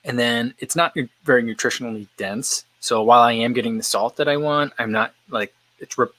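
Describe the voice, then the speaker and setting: A man's voice: mid-range voice, brisk, a bit bright, rough recording. A man hosting a casual live-stream chat while eating, thinking aloud as he answers viewer questions. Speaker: running channel host.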